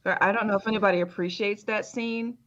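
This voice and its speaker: A woman co-hosting a podcast, casually retelling a scene in an amused, animated way. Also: medium pitch, a little fast, dull audio. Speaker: podcast co-host. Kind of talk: casual chat.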